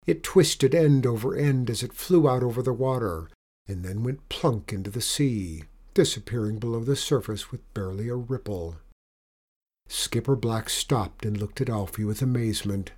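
A man narrating a storybook in an expressive, dramatic reading. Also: medium pitch, normal speed.

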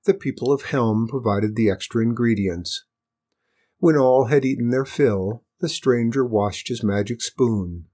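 A man reading a children's storybook aloud with expressive, lilting narration. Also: mid-range voice, a little slow.

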